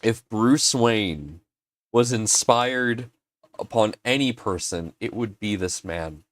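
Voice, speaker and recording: A man's voice: fairly low pitch, slow, no room sound. Earnest, emotional man streaming. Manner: earnest and emotional, with many restarts. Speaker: livestream host and maker. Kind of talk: casual livestream chat.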